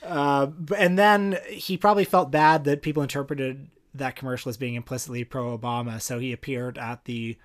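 A man's voice: mid-range voice, steady tone, normal speed, hardly any pauses. Wry rambling man on a film podcast. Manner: wry, rambling, with dry jokes. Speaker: podcast co-host. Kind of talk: casual film discussion.

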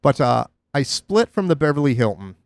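A man's voice: medium pitch, very animated, moderate pace, gravelly, no room sound. A man hosting a podcast, talking in a candid, rambling way with many restarts. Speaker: podcast host. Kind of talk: casual chat.

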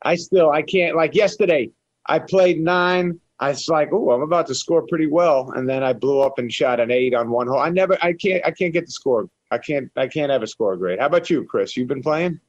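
A man, an actor guest on a radio show, talking casually in halting bursts with many restarts. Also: on the high side, no room sound, dull audio.

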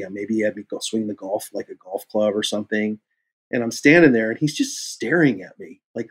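A man from Kansas City, a guest actor in a casual interview, telling stories with lively acted-out dialogue. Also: slightly rough. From Kansas City, USA. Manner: animated storyteller who acts out both sides of dialogues, jumping high in pitch.

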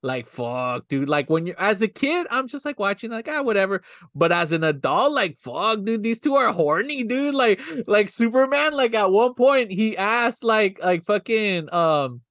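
A man's voice: sits high, big pitch swings, normal speed, a bit bright, no room sound, studio quality. A man co-hosting a podcast, chatting casually and profanely about an old movie, laughing and acting out the lines. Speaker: podcast co-host.

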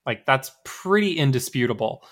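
Bright-voiced man in wry podcast chat. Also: mid-range voice, expressive, normal speed. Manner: wry, sardonic commentary. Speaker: podcast co-host. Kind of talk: casual chat.

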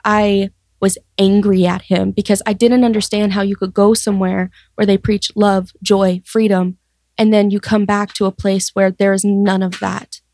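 A young woman sharing her life story in an interview, earnest and reflective, often pausing and restarting. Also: mid-range voice, level tone, a little mellow. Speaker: guest sharing testimony. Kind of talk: personal testimony interview.

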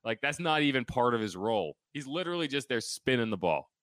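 A man co-hosting a casual sports podcast, talking fast and joking with a sarcastic streak. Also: medium pitch, very animated, fairly bright tone, dry recording. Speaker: podcast co-host.

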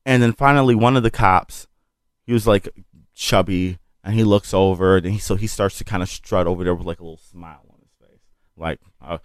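Here is a male comedian spinning a long anecdote in a fairly low voice, recorded close and dry with no room sound. He talks in an animated, swearing, conversational way and slips into other people's voices. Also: fairly quick, smooth, no room sound. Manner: animated, profane, acts out quotes. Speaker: comedian guest. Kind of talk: casual storytelling on a podcast.

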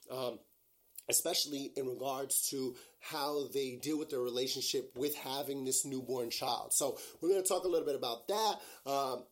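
A man hosting his own podcast, talking in a casual, rambling monologue full of "like" and "you know" and turning openly emotional. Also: a little high. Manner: gushing and emotional. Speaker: podcast host.

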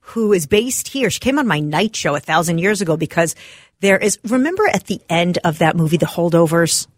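A woman's voice: fairly low pitch, expressive, brisk, no room sound. A woman co-hosting a radio show, chatting casually in the studio and reading answers aloud from her phone.

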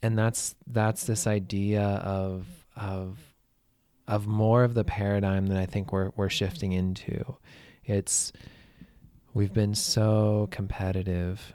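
A man, a musician guest on a podcast, speaking gently with searching, hesitant phrasing. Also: on the low side, flat delivery, slow pace, no room sound. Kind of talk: casual heartfelt conversation.

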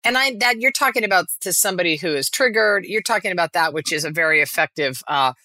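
A woman speaks as a guest on a podcast, animated and quick to act out little quotes. She restarts her sentences often. Her voice is bright and clear, and the sound is dry and close. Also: lowish voice, no echo. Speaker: actress guest. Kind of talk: casual podcast chat.

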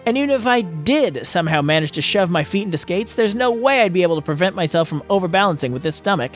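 Man reading pregnant young woman, sarcastic, defensive banter, storybook reading, slightly high voice, faint music behind. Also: lively intonation, quick pace. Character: teasing, quick-tongued pregnant young woman. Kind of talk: audiobook reading.

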